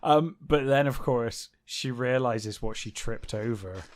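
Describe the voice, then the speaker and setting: A man's voice: medium pitch, unhurried. A man co-hosting a book podcast, chatting casually and making wry jokes about the characters. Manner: wry and joking, often laughing, quips about the characters. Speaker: podcast co-host.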